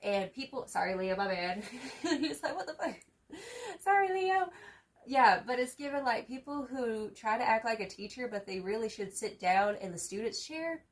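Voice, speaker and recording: A young woman with a fairly high voice gives a loose, chatty tarot reading. She swears freely, leans on fillers and hypes the listener up with pet phrases. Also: animated, normal speed. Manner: slangy, profane and emphatic, full of fillers; hypes the viewer up with repeated catchphrases. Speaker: tarot reader. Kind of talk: casual tarot reading to camera.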